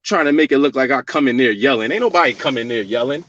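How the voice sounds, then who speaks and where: Filming on his own phone, a man with a mid-range voice argues fast and insistently with court staff, repeating what he's said. He's a vlogger, his tone fairly bright. The sound is lo-fi.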